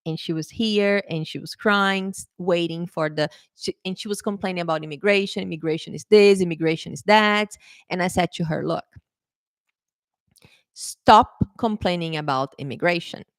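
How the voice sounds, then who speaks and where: Lively woman teacher coaxing her students. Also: lowish voice, brisk, dry recording, clean studio sound. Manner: lively, animated, coaxing, repeats "okay?" and "right?". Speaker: English teacher. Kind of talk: casual talk to camera.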